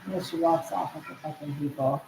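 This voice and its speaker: A woman's voice: deep voice, steady tone, a little fast, creaky. A woman in an agitated, rambling monologue, repeatedly relaying what others told her. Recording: roomy echo, faint background noise.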